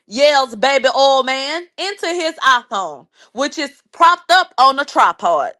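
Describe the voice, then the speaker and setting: A woman with a high voice does reaction commentary on her channel. She reads an article aloud and breaks in with loud, sarcastic, profane remarks. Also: big pitch swings, slow, hardly any pauses. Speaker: commentary YouTuber.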